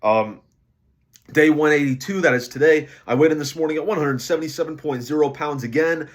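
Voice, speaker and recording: A sleep-deprived man talking casually in a diary-style weight-loss vlog, low on energy and rambling with lots of fillers. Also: brisk.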